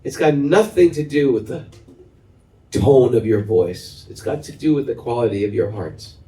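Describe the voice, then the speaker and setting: A middle-aged spiritual teacher leading kirtan gives a devotional talk to a gathered group in a medium-pitched voice at a moderate pace. An animated storyteller, he keeps turning questions back to his listeners, and his voice echoes around the room from a distant mic.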